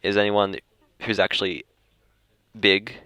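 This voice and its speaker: A man's voice: fairly low pitch, little pitch movement, unhurried, bright, forceful tone, smooth, no echo, muffled recording. A young Australian man hosting a casual podcast, rambling and correcting himself as he goes. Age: young adult. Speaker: podcast host. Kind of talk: casual chat. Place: school library.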